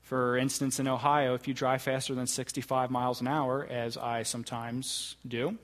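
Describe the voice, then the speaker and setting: A man's voice: mid-range voice, little pitch movement. Man preaching in a reverberant hall. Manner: deliberate, emphatic preaching with slow stressed phrases. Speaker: pastor. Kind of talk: sermon.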